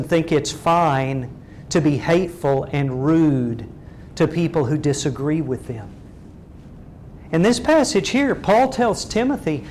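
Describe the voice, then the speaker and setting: A man in middle age delivers a sermon, pressing his listeners with one direct question after another. His speaking voice sits somewhat high for a man. A faint low rumble runs under the recording. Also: a little mellow. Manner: earnest, asks the congregation many direct questions. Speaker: preacher.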